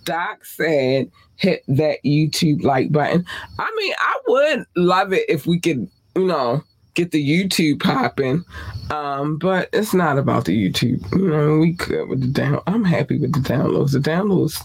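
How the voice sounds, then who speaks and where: A man hosting a podcast, closing the show with playful, animated talk, casual swearing and sing-song repeats. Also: a little high, a little slow, husky, no echo. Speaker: podcast host.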